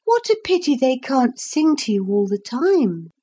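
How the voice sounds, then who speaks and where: A bold little girl in a storybook speaks up with a clear, high little voice, as a woman reader puts her on. She is firm and insistent, her voice lifted well above the reader's own. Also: sing-song, a little slow, dark tone, exaggerated voice. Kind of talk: storybook reading.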